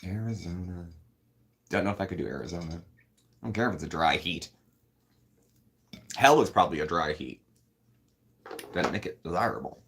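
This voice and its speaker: Low-voiced man chatting on a live stream. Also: expressive, a little fast, pauses often, fairly bright tone, a little hiss or hum. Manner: rambling, answers viewer comments as they come in. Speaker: host. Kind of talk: casual live-stream chat.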